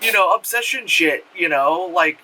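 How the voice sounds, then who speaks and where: A man with a high, very bright voice talks through a movie in an animated, rambling way, stacking up "like" and swearing freely. He sounds a little far from the mic, with a faint hiss behind him. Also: moderate pace. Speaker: movie reviewer. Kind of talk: casual spoken film review.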